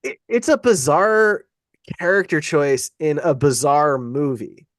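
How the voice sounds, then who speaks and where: A man's voice: a little high, lively intonation, a little slow, no room sound, clean studio sound. A man co-hosting a podcast in casual chat, agreeable and chatty, often adding film trivia. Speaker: podcast co-host.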